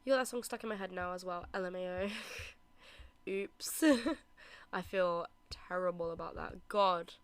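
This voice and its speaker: Playing a game on a live stream, this chatty British woman giggles a lot and talks casually to her chat. She speaks in a lowish, steady, unhurried voice that is a bit bright, over clear background music.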